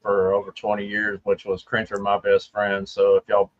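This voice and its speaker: A man's voice: on the low side, monotone, normal speed. Humble guest man on dull call audio. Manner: humble, hesitant, many fillers. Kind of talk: casual livestream chat.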